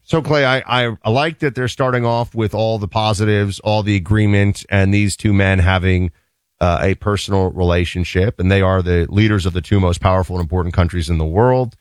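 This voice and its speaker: A man co-hosting a talk show, giving casual, animated political commentary with wry asides and laughter. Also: low voice, a little fast, no room sound, studio quality.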